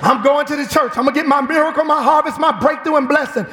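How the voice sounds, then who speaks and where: A man preaching a fiery sermon in a church, with an animated, shouting delivery. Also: very high-pitched, fast, a crowd in the background. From Chicago. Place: church sanctuary. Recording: echoey church hall.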